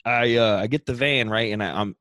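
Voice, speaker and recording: A man's voice: medium pitch, steady tone, fairly quick, a bit bright, no room sound. A young man co-hosting a podcast, telling a long road-trip story in casual, profane chat and acting out the people in it. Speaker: podcast co-host.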